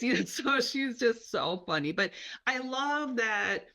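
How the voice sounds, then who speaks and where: A woman's voice: a little high, animated, unhurried, bright, forceful tone. A woman in her fifties hosting an interview, chatty and affirming toward her guest. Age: 50s. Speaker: podcast host. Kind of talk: conversational interview.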